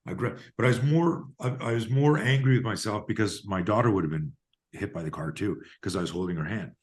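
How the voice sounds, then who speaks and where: Deep-voiced emphatic man. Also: fairly quick. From Canada. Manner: emphatic, animated storyteller. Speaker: guest, self-defense coach. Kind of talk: podcast interview storytelling.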